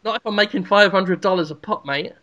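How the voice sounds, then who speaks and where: A young man with a bright, forceful voice, spinning a crude comic bit on a podcast. He giggles as he talks and throws himself into the joke. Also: high voice, fairly quick, dull audio. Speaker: podcast co-host. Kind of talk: comic riffing.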